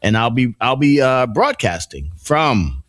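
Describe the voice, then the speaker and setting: A man's voice: mid-range voice, very animated, measured pace, fairly bright tone, dry recording. A middle-aged man hosting a morning show in casual banter, rambling and joking with many restarts and asides. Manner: playful, joking.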